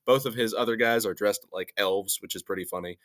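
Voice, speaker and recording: Bright-voiced man reviewing wrestling. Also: on the low side, brisk. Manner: joking, laughs between remarks. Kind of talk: casual review commentary.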